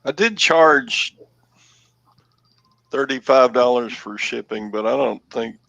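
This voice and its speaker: A man's voice: medium pitch, takes it slowly, vocal fry, fairly bright tone, dry recording, highs cut off. A middle-aged man, co-hosting a casual chat in a wry, self-mocking way. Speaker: show co-host.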